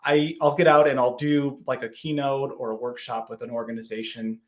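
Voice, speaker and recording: A man's voice: medium pitch, brisk. A man in his thirties, a podcast guest, chatting casually and acting out his own quoted lines as he tells stories. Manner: animated storytelling, acts out quoted lines. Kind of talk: casual interview chat.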